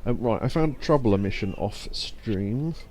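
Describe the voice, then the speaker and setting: Young guy streaming a game, lowish mellow voice, chatty and laughy, faint game noise behind. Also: animated, a little slow. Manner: chatty, laughs often, reads game text aloud. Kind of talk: casual let's-play commentary.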